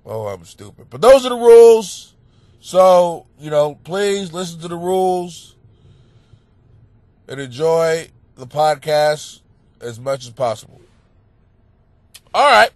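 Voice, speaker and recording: A high, very animated male voice swings all over the place as he rambles through a crude comedy advice podcast. He sounds stuffed up and sniffly, mocks himself and bursts out loudly. The sound is bone-dry and close, with no room around it. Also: takes it slowly, long pauses, dry recording. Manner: rambling, crude, self-mocking, with sudden loud outbursts. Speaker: podcast host giving advice. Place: home basement.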